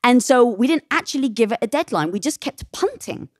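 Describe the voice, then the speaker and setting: A middle-aged woman talking candidly as a podcast guest, emphatic and animated, often acting out quoted voices. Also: fairly high pitch, brisk, no echo, clean studio sound. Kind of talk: candid interview talk.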